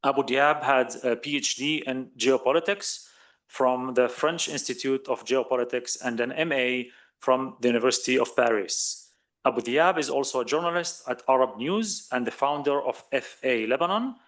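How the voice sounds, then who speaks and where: A man's voice: medium pitch, normal speed, fairly bright tone. Man chairing an academic panel, polite and formal, a few fillers. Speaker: session chair. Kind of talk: moderating a panel.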